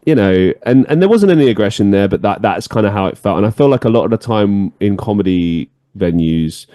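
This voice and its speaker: Lively, swearing man telling stories. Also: on the low side, a little fast, no room sound, clean studio sound. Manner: animated storyteller, swears freely, laughs often. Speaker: podcast host. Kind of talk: casual chat.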